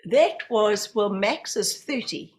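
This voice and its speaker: A woman's voice: medium pitch, slow pace. A woman in her fifties with a New Zealand accent, a podcast guest telling personal stories and acting out the voices of people she quotes. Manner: animated storyteller, acts out quoted voices. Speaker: guest, medium and hypnotherapist. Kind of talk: storytelling in a podcast interview.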